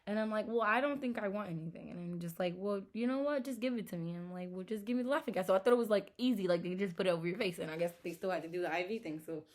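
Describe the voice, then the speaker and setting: A young woman, casually telling her labor story in a vlog, animated and exasperated, full of "like". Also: mid-range voice, very fast, few pauses. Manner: animated, exasperated retelling with lots of "like".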